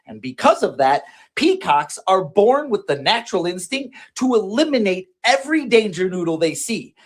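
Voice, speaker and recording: A woman's voice: medium pitch, very animated, moderate pace, slightly rough. A woman hosting and commenting playfully on clips, often laughing. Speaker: host reacting to clips.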